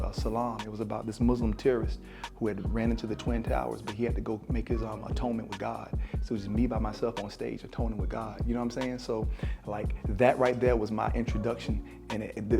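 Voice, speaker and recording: Gravelly-voiced man reflecting over music. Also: fairly low pitch. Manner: reflective and spiritual, casual with many fillers. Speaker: actor and former teacher. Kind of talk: sit-down interview, talking to camera. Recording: music playing underneath.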